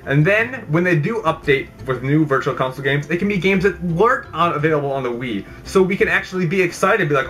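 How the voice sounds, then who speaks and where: A young man rambles through an unscripted opinion vlog, exasperated and full of mock outrage. His voice is bright and a little high. Faint game music plays behind him. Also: a little fast. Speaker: YouTube channel host. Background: background game music.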